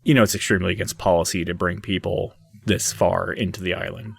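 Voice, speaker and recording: A man's voice: low-pitched, fairly even intonation, fast talker, gravelly, slightly rough, voice pushed down, full character voice. A man voicing a polite but exasperated male gatekeeper of souls with a clipped, dry way of speaking. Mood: weary, dry. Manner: clipped and dry, patient on the surface.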